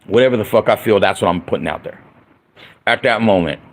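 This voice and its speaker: A man's voice: fairly low pitch, fairly quick. A middle-aged man in a casual late-night livestream, ranting with lots of profanity and repeating himself. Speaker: livestreaming vlogger.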